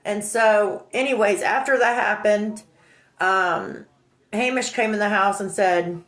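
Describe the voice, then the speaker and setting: A woman telling a personal story in an animated, indignant way, acting out the dialogue. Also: medium pitch, unhurried. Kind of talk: emotional storytelling. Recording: roomy echo.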